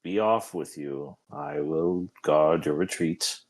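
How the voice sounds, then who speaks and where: A man voicing a weary undead male death knight who speaks gravely and scolds with exasperation. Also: rumbling low, slow pace, pitched below the performer's own voice.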